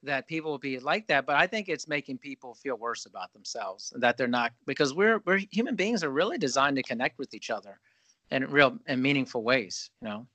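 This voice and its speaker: A man's voice: medium pitch, lively intonation, fairly quick, sharp tone, dry recording. A man hosting a podcast, chatting casually, joking and riffing in long run-on thoughts. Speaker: podcast host. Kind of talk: casual interview chat.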